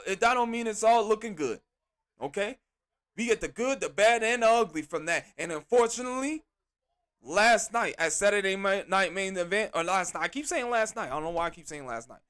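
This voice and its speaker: A man hosting a podcast, reviewing a wrestling show in an animated, exasperated rant full of slang. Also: high voice, smooth. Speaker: podcast host.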